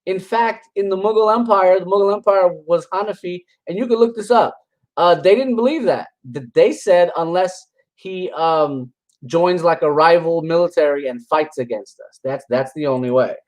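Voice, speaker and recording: A man's voice: sits high, moderate pace, rough recording. A man giving casual reaction commentary on religious videos, combative and mocking, rambling with scoffing laughs. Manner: rambling with frequent restarts.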